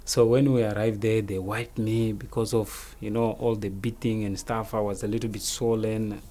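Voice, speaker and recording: A man recounting a story as an interview guest in a lively, casual way, often checking that the listener follows. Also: on the low side, normal speed.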